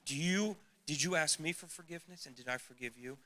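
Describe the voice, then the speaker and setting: A man voicing God as a loving but firm fatherly figure within his sermon, gentle yet insistent. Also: fairly high pitch, brisk.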